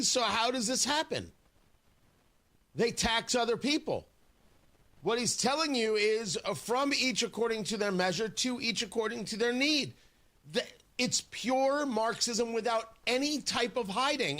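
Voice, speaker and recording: A male talk radio host delivers a sarcastic, combative monologue straight to his listeners. His voice sits high for a man and swings widely up and down as he drives each point home. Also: expressive, moderate pace, fairly bright tone.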